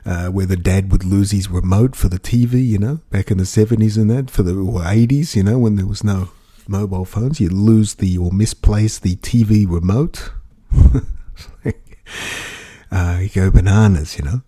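Chatty man with a husky voice. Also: on the low side, normal speed, mellow. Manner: chatty storyteller, frequent "you know" asides; amused, chuckles while talking. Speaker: vlogger. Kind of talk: casual rambling monologue.

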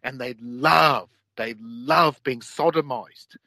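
A man's voice: mid-range voice, takes it slowly, vocal fry, sharp tone, dry recording, low-quality recording. Ranting Australian man, dry sound. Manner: profane, heated and repetitive. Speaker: podcast co-host. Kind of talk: ranting casual talk.

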